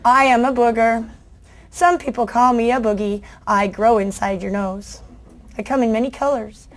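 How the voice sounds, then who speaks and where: A woman's voice: a little high, fairly even intonation, moderate pace, close to an everyday voice. A woman reading a children's picture book aloud as a cheerful, proud talking booger, in a chirpy, playful way.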